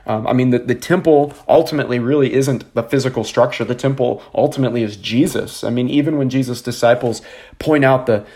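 A man's voice: mid-range voice, a little fast, a little mellow. A man preaching a sermon as a pastor, earnest and conversational, with frequent fillers and restarts.

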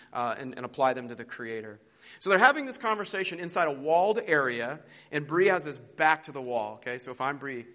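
A man preaching as a pastor, retelling a story in a conversational, animated way and then leading a prayer. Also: mid-range voice.

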